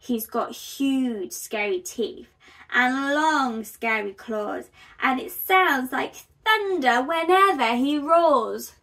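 A woman's voice: high-pitched, takes it slowly, fairly bright tone, heavily acted. A woman voicing a bunny mother who warns her child about a monster in a dramatic, spooky way.

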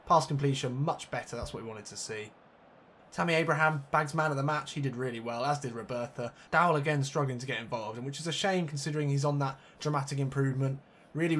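A man commentating on his own football video game match as host, getting excited at goals. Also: mid-range voice, a little hiss or hum. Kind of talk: let's play football commentary.

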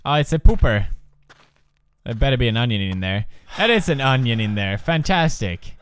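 A young man hosting a joking let's-play commentary, excitable and prone to yelps and laughter. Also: medium pitch, moderate pace, a little hiss or hum. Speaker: gaming video host.

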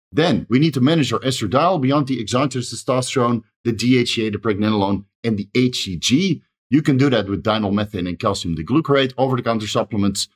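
A man hosting his own channel, delivering a fast solo advice monologue and rattling off lists of dosages, often tagging lines with "right?". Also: lowish voice, husky. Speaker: channel host giving advice.

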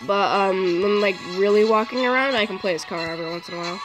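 A young woman hosting a gaming channel, chatting casually, often swearing and yelling at the game. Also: mid-range voice, fast, poor audio. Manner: swears a lot, yells at the game. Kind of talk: casual gameplay chat. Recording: music playing behind.

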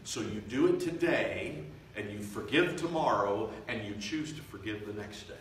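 A man preaching a revival sermon, swelling loud and slow for emphasis, then dropping to quiet, confiding tones. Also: on the low side, animated, a little hiss or hum. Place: church sanctuary. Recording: echoey church from far off.

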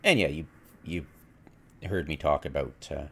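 A man talks through a strategy game replay in a loose, rambling way, acting out what he was thinking at the time. His voice sits very low and has a rough, gravelly edge. Every so often he breaks into quick, excited cheers. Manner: rambling, quotes his own past reactions, bursts of excited exclamations. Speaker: gameplay commentator. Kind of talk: casual game replay commentary.

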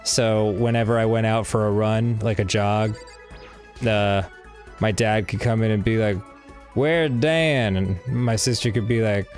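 A man's voice: lowish voice, unhurried, soft background music. A man in his forties co-hosting a let's-play, joking and laughing through the game. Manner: animated, laughing, jokey. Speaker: co-host of a gaming show.

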